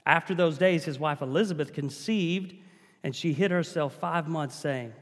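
A man's voice: fairly high pitch, normal speed, in a large hall. A man preaching a sermon to a congregation, building emphasis and calling out to the listeners.

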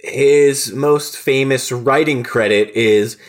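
Male podcast host, middle pitch, loose and profane, rambling delivery. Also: slow. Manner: rambling, swearing, lots of restarts. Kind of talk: casual podcast chat.

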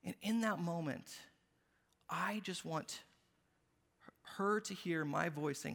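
A man preaching a sermon as a pastor, earnest and emphatic, often dropping to a hushed, tender tone. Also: high-pitched, a little slow, gravelly, long pauses, big-room sound.

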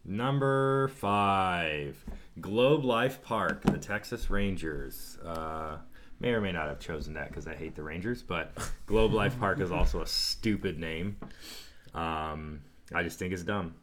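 A man's voice: low-pitched, slow, fairly bright tone, slight background noise. A man co-hosting a casual sports podcast, blunt and dismissive, laughing often as he ranks things. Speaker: podcast co-host.

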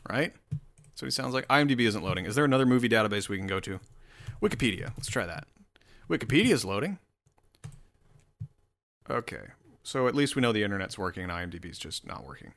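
A man's voice: lowish voice, expressive, fast, long pauses, fairly bright tone. A man hosting his own solo show, rambling and swearing in a casual rant full of restarts. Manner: rambling, profane, self-interrupting.

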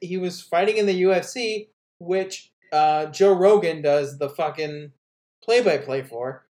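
A man's voice: on the high side, measured pace, darkish tone. Ranting profane male podcast comedian. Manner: profane, ranting, laughs often. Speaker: podcast co-host. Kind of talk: casual comedy podcast chat.

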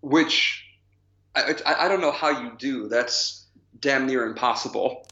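A man's voice: medium pitch, measured pace, sharp tone. A man co-hosting a podcast in casual chat, enthusiastic and laughing between phrases. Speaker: podcast co-host. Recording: slightly dull lo-fi mic.

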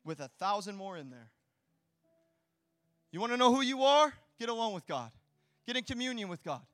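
A man preaching a sermon as pastor, swinging between hushed, intimate lines and loud, rousing ones, with chatty asides and rhetorical questions. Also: sits high, sing-song, moderate pace, dry recording, studio quality.

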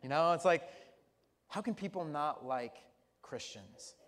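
High-voiced pastor preaching in a church. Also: male voice, a little slow. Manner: lively, chatty storytelling with humor. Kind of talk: sermon. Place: church sanctuary. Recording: long church reverb.

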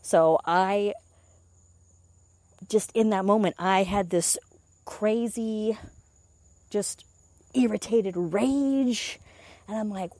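A young woman and meditation teacher tells a story in a loose, chatty way. She acts out her own reactions and swears now and then. Her voice is mellow and warm, recorded close and dry. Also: medium pitch, extremely slow, long pauses, no echo. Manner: chatty, animated retellings with swearing and laughs. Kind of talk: casual storytelling monologue.

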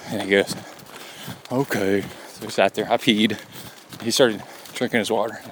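A man's voice: lowish voice, normal speed. A middle-aged man, a podcast host, recording himself on a forest trail and telling a story in a rambling, chuckling way. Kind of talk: casual on-the-go recording. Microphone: handheld recorder carried on a run. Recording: outdoor field recording with steady noise.

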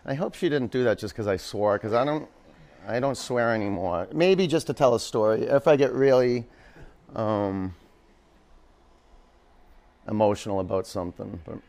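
A man's voice: mid-range voice, darkish tone. Man, yoga teacher, live class, chatty jokey asides, pose cues, studio.

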